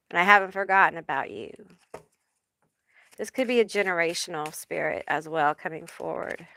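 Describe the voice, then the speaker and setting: A woman giving a live tarot reading in a slow, halting way, full of fillers, emotional and close to tears. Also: lowish voice, sharp tone, smooth, no room sound. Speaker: tarot reader.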